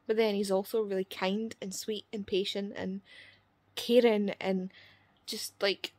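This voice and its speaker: Young woman, casual book vlogger, chatty and animated, acts out quotes, dry close sound. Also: medium pitch, moderate pace, no room sound. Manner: chatty, animated retelling with quoted voices and asides. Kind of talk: casual book review vlog.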